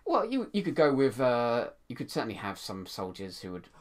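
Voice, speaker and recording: A man's voice: mid-range voice, huge pitch swings, fairly quick, a crowd in the background. Rambling enthusiastic male podcast host. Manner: enthusiastic, rambling with many restarts and laughs. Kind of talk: casual chat.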